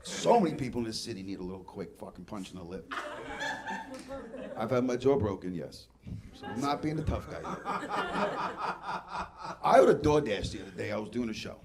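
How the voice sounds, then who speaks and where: On a club stage, this Queens, New York comic delivers a brash, foul-mouthed routine, acting out dialogue while the crowd laughs. He speaks on the low side, animated and a little fast, with a creaky voice and long pauses.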